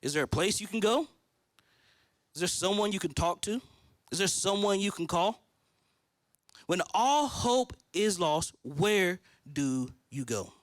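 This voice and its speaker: A man's voice: sits high, fairly bright tone, no echo. A man in his thirties preaching a sermon from a church stage, telling his own story and acting out his prayers. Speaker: pastor.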